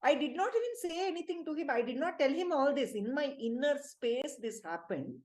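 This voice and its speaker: A middle-aged woman with an Indian English accent, leading a spiritual teaching talk with lively, emphatic storytelling. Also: high voice, a little fast, hardly any pauses. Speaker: spiritual healing group leader.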